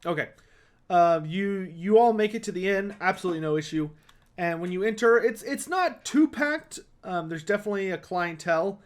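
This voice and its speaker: A man narrating as game master in a tabletop game, halting with many fillers. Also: high-pitched, expressive.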